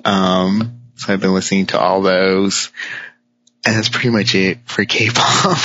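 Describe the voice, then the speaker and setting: A man co-hosting a podcast, chatting casually in a relaxed way. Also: low voice, a little slow. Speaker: podcast co-host. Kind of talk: casual chat. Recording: dull lo-fi recording.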